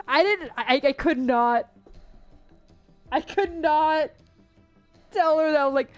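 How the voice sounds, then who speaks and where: A woman streamer in casual livestream chat, her voice sitting high. She talks loosely and chattily, full of "like" and "dude". Faint music plays quietly behind her. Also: lively intonation, slow, long pauses. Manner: chatty, laughing, lots of "like" and "dude". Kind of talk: casual livestream chat while reading a game story.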